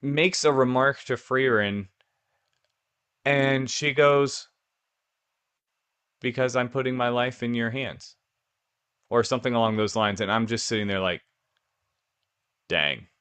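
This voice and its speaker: An easygoing man co-hosts a casual podcast chat, cracking small jokes and leaning on fillers. His voice is smooth and clear, at an ordinary middle pitch. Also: steady tone, measured pace, long pauses, a bit bright. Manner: easygoing, jokey, filler-heavy. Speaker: podcast co-host.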